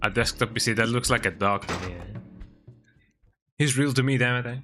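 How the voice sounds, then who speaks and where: A man's voice: medium pitch, a little fast, music in the background. A man streaming a game, chatting casually, often ending sentences with "eh?" and talking to his cat. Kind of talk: casual gameplay commentary.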